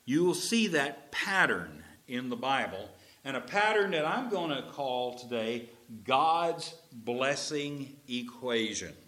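A pastor with a drawl preaching to his congregation. His voice is very bright and swings widely in pitch. He talks in an animated, folksy way, tossing asides to the pews. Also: slow. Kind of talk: sermon.

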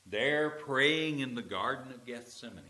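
A middle-aged male pastor preaching a sermon, swinging from loud drawn-out proclamations to low, chatty storytelling. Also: lively intonation.

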